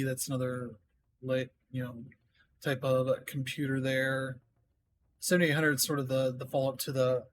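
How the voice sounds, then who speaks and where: A man's voice: mid-range voice, fairly bright tone, a little hiss or hum. A man streaming a game, chatting casually and thinking aloud as he reads up on things. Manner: thinking aloud, reading notes half to himself. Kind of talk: casual live-stream commentary.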